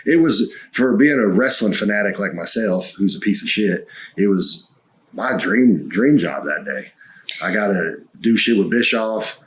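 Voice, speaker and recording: A man co-hosting a podcast, telling stories in a folksy, profane, excitable way. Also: low voice, normal speed. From United States. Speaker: podcast co-host, wrestler. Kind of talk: casual chat.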